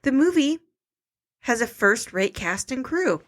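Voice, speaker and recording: Lively, teasing woman podcast co-host. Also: high-pitched, a little slow. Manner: teasing, reads out reviews and facts. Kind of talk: casual comedic chat.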